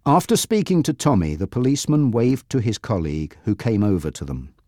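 A man narrating a graded reader audiobook, reading slowly and clearly. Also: on the low side, no room sound, clean studio sound. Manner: slow, clear, expressive reading.

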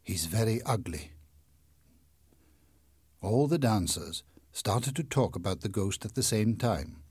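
A man reading a novel aloud as an audiobook narrator, in measured, clear storytelling. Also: on the low side, animated, darkish tone, dry recording. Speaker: audiobook reader. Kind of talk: scripted narration.

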